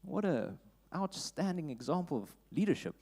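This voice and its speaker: A man with a South African accent preaching a sermon in church, reading scripture and rising loud for emphasis. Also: fairly high pitch, big pitch swings, moderate pace, creaky. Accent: South African English. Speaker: pastor. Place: church auditorium.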